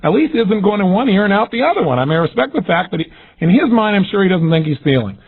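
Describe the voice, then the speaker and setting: A man giving an energetic, emphatic motivational seminar talk, acting out the questions he quotes. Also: sits high, fast talker, breathy edge. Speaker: motivational speaker. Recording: tinny phone-like lo-fi audio.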